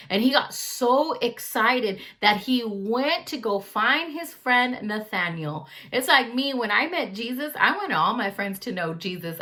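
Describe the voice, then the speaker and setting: Woman youth speaker, bright tone, slangy lively storyteller. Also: a little high. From California. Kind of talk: youth club Bible talk.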